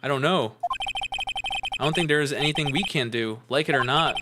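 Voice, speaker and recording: A man's voice: on the high side, a little fast, heavy background noise, natural voice. A man voicing a young male defense lawyer who sounds unsure and plain. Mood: doubtful. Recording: loud game music behind.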